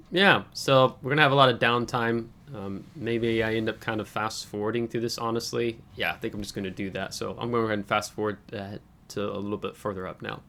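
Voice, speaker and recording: A man's voice: lowish voice, pushed and bright. A man hosting a channel, giving casual coaching commentary on a viewer's game match, analytical and hesitant with frequent ums, and coughing now and then. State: keeps coughing.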